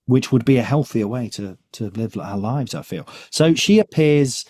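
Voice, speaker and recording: A man's voice: mid-range voice, lively intonation, normal speed, mellow. A man co-hosting a podcast, chatting casually and laughing often as he talks. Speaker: podcast co-host. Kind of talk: casual comedic chat.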